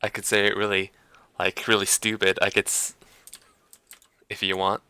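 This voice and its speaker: A man's voice: lowish voice, completely flat delivery, normal speed, bright, forceful tone, clear, resonant tone, no echo. A man streaming live, chatting casually in a hesitant, self-conscious way and laughing at himself. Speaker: livestreamer.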